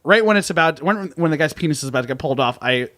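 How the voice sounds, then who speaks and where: A man, a comedian and podcast guest, telling stories in an animated way and often laughing and acting out quotes. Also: fairly high pitch, very fast, no room sound. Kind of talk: casual storytelling chat.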